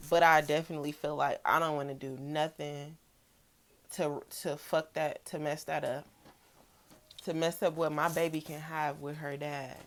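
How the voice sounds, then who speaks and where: A young woman, talking candidly and emotionally in a personal vlog, swearing freely and repeating herself. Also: low voice. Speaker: vlogger.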